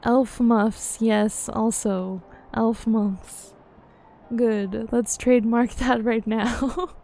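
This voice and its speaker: A woman streamer talks loosely to her viewers while she plays, laughing at her own jokes. Her voice is a little high but soft and mellow rather than bright. She sounds relaxed and chatty. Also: very slow, gravelly, slight background noise. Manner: chatty, giggly asides. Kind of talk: casual game commentary.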